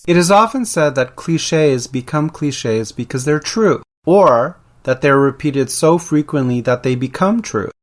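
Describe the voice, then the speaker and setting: A man's voice: on the high side, animated, a little slow, hardly any pauses, slight background noise. A man from Canada hosting a podcast, reading a script in a dry, tongue-in-cheek way. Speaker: podcast host. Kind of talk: scripted narration.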